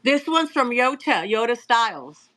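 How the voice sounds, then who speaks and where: A woman hosting a casual live stream, reading out cards and messages in a chatty way with filler pauses. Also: on the high side, very animated, bright, forceful tone, slight background noise, poor audio.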